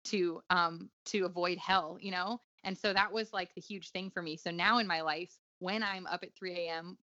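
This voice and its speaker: A woman talks earnestly and reflectively, full of fillers and quick restarts. Her voice is bright and forceful, and it sits a little low. The sound is dry and somewhat dull, like a lo-fi recording. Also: fairly even intonation, no room sound. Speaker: guest author. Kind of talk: conversational interview.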